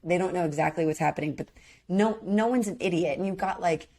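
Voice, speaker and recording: Speaking fast in a lowish register, this podcast co-host chats casually about a reality show. She's animated and emphatic, performing other people's lines as she quotes them.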